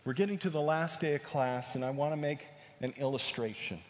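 A man's voice: on the high side, a little fast, big-room sound, voice pushed up, close to an everyday voice. A man voicing an earnest college professor. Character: earnest male college professor teaching a lesson.

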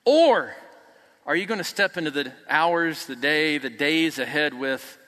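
A man preaching a sermon as pastor, emphatic, swinging from loud peaks to soft, quiet passages. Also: a little high, lively intonation, a little slow. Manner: emphatic, rising to near shouts then dropping soft. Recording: long reverb of a large hall.

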